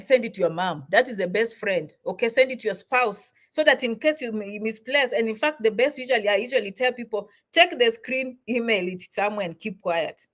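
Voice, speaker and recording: Emphatic woman hosting a livestream. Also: fairly high pitch. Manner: repetitive, encouraging, emphatic. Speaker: host answering viewer comments. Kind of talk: livestream Q&A chat.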